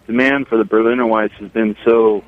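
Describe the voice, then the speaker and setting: A man's voice: lowish voice, steady tone, a little fast, no echo. A man calling in as a brewer and festival organizer, chatting casually in a plain-spoken, laid-back way with plenty of fillers. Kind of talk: casual radio chat. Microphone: telephone. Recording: dry tinny phone line.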